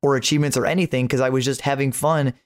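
A man in the middle of a casual podcast chat, gushing about games he loves. He talks in an easygoing, slangy way, full of casual fillers. His voice sits at an ordinary middle pitch. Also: steady tone, very fast. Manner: enthusiastic, slangy, many fillers. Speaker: podcast co-host.

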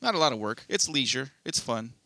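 Gravelly-voiced man telling a rambling story. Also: mid-range voice, sing-song, brisk, bright, forceful tone, no room sound. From Southern California. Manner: rambling storyteller, swears freely. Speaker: podcast co-host. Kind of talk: casual chat.

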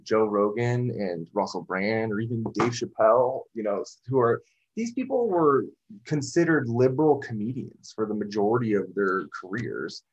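A man's voice: on the low side, highs cut off. A man talking in a casual podcast discussion, rambling and restarting, full of "you know".

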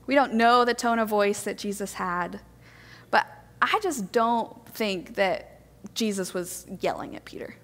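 A woman preaching a sermon to a congregation, gentle, earnest and reflective. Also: mid-range voice, unhurried, big-room sound.

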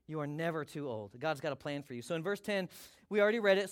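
A man preaching a sermon as pastor, energetic and emphatic, repeating his key points. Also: on the high side, fast.

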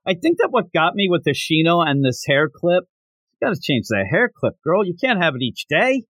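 This man's voice sits a bit high, and his pitch jumps up and down all the time. He chats casually as a podcast co-host and acts out bits of dialogue as he goes. The sound is dry and close, with no room tone. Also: dry recording. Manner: animated, acts out characters' lines in quick little voices. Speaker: podcast co-host reviewing manga. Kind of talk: casual chat, recapping the plot.

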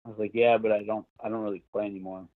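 A man's voice: lowish voice, flat delivery, rapid-fire. A man in his thirties telling a golf story as a podcast guest, loose and chatty with plenty of "like" and the odd curse. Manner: loose and chatty, lots of "like", some swearing. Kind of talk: casual storytelling. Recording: dry, tinny phone-like line.

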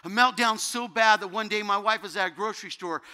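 A man's voice: high-pitched, brisk, sharp tone. A man preaching a sermon as a guest pastor, telling an emotional personal story that builds into fervent preaching. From United States.

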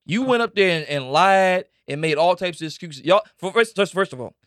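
A man's voice: sits high, fairly quick, no echo, studio quality. A man co-hosting a sports talk show, ranting animatedly about boxing critics. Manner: animated, ranting, mimics others. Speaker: podcast co-host.

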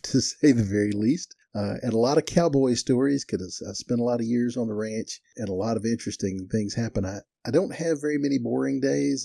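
A man's voice: on the low side, creaky, mellow, dry recording, clean studio sound. An older man telling stories in a casual, folksy way, chuckling as he talks and livening up when he quotes people. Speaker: storyteller. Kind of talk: casual storytelling.

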